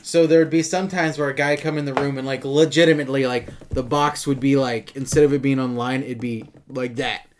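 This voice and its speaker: A man's voice: mid-range voice, fairly even intonation, fairly quick, few pauses, slight background noise. A man hosting a casual podcast with friends, rambling and acting out scenes he retells. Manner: rambling, acts out movie scenes in voices. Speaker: podcast host.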